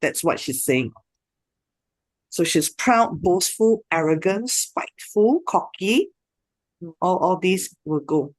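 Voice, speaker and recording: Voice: mid-range voice, big pitch swings, slow pace, long pauses, no echo. A teacher with a Singaporean English accent, recorded close and dry, jumps in alongside a colleague. The teacher chats easily and keeps the lesson moving. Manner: chatty, directs the lesson. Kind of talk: online class teaching.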